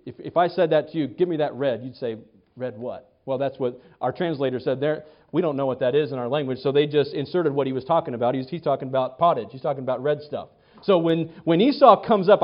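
A man preaches a sermon in a slightly high voice, full of energy, stumbling over his words and repeating them. He acts out each quote as he reads it. The sound is dull and lo-fi.

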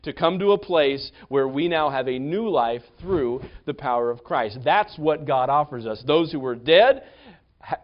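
Higher-voiced male pastor, conversational sermon. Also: lively intonation, measured pace, lo-fi sound. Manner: conversational, storytelling delivery with many restarts.

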